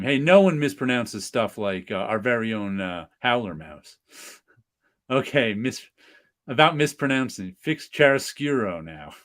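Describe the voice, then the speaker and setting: A man's voice: medium pitch, a bit bright. A man hosting a casual podcast chat, joking and slipping into mock voices. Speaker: podcast host.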